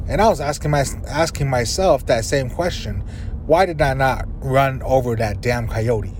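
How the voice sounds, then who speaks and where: A podcast host from an Arizona reservation tells stories in a rambling, casual way from inside his car on a dirt road, swearing and chuckling as he goes. His medium-pitched, darkish voice has lively intonation and a moderate pace, with faint vehicle noise behind.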